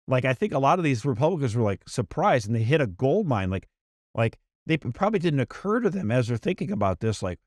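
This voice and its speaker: A man co-hosts a casual podcast, animated and exasperated, and his voice sits at a middle pitch. The sound is dry and close, with no room around it. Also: fast talker, no room sound. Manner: animated, exasperated, mocking voices when quoting. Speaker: podcast co-host. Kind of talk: casual political chat.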